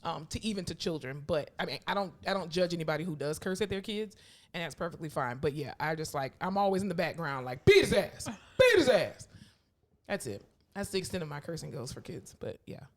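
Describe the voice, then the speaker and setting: A woman co-hosting a podcast in casual chat, candid, laughing often and acting out quotes loudly. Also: deep voice, fast talker. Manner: animated storyteller, acts out quotes loudly. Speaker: podcast co-host.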